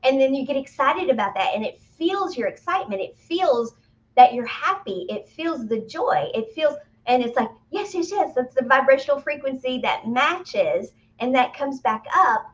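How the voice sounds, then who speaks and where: A woman with a fairly high voice, talking through spiritual teachings in a relaxed, conversational way. She breaks into playful, excited exclamations as she explains. The audio is a bit muffled and lo-fi. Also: normal speed. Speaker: spiritual medium co-host. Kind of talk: casual spiritual teaching talk.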